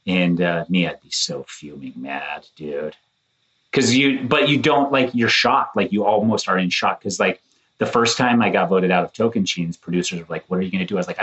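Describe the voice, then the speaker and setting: A man in his thirties with a low voice talks through the episode in a relaxed, chatty way. He slips into playful acted-out quotes, jumping up in pitch as he goes. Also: normal speed, rough recording. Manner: animated, acts out quotes in shifting voices. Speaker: podcast co-host, former contestant. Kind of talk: casual chat.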